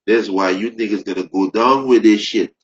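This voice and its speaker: A man preaching fervently, repeating phrases, restarting sentences and rising into loud emphasis. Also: on the low side, normal speed. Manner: repetitive, stumbling restarts, rising to shouted emphasis. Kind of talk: impassioned preaching. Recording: dull lo-fi recording.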